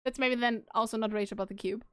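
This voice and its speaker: A woman's voice: fairly high pitch, fairly even intonation, fast talker, a bit bright, no echo, clean studio sound. A woman in a casual online podcast chat over a voice call, giggling and steering the talk back on topic. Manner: giggly, keeps the talk on track. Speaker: podcast participant.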